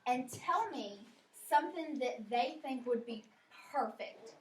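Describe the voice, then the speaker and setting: A high-pitched woman teacher leads a lesson for young children in an upbeat, encouraging way. She says each word slowly and clearly. The mic sits far from her in a roomy classroom, with a faint hiss behind. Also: expressive.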